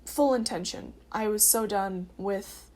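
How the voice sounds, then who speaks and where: A woman's voice: medium pitch, measured pace, a little mellow. A woman in her early twenties telling her personal story in a casual, earnest way, with frequent filler words. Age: early 20s. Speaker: vlogger sharing her testimony.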